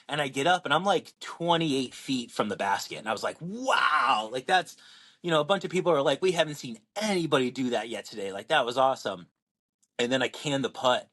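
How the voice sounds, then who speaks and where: A young man from Washington state, co-hosting a podcast and telling a lively story, acting out quotes with lots of fillers. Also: mid-range voice. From Washington state, USA. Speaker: podcast co-host and pro disc golfer. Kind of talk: casual storytelling chat.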